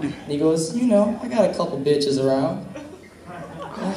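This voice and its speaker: A man's voice: on the high side, lively intonation, normal speed, pauses often, a crowd in the background. A young man from the American Midwest performing a stand-up set in a comedy club, telling crude stories and acting out dialogue. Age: young adult. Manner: casual, crude storytelling with acted-out dialogue. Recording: echoey room, mic heard from a distance.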